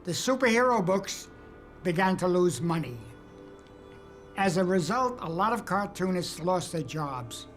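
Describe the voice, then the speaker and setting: With faint music behind him, an older man from the United States narrates wry stories from his cartooning career for a documentary interview, slipping in dry jokes. He sounds high-voiced and animated, speaking at a measured pace.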